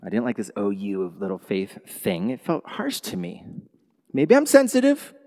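A male pastor preaching a sermon in a church, animated, swinging from quiet asides to loud exclamations. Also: on the low side, moderate pace. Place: church sanctuary. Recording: long hall reverb.

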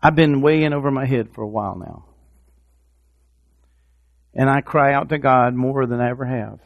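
A man preaching a sermon, swinging from hushed, repeated words to loud, impassioned exhortation. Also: mid-range voice, normal speed, gravelly, narrow, tinny audio. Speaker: pastor.

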